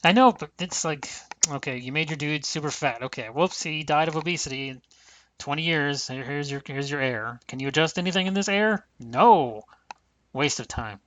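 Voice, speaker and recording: A man's voice: fairly high pitch, moderate pace, fairly bright tone. A man hosting a casual podcast, talking bluntly and profanely in long rambling runs. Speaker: podcast host.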